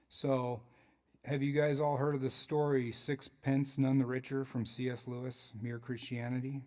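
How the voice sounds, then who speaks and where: A man's voice: mid-range voice, level tone, moderate pace, a little mellow. A man as a pastor preaching a sermon in a church, in a conversational way with joking asides.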